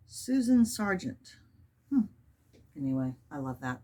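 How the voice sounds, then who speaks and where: A woman's voice: fairly low pitch, lively intonation, normal speed, slight background noise. A middle-aged woman chatting casually and rambling a little as she works through a sewing project at home. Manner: chatty, rambling, soft-spoken asides. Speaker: sewing vlogger. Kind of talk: casual chat while sewing.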